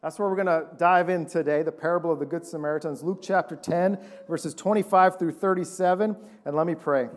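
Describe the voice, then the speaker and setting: A man, a pastor, preaching a sermon and telling a story with lively acted-out voices. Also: on the high side, a little fast, few pauses. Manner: animated storytelling, acting out quoted voices.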